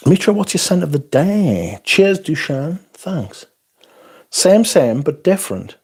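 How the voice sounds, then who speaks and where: A man's voice: fairly high pitch, very animated, slow pace, a little mellow, husky. A man hosting a casual livestream, reading viewer comments aloud and rambling in a self-deprecating way. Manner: rambling and self-deprecating, trailing off mid-thought. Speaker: fragrance livestream host.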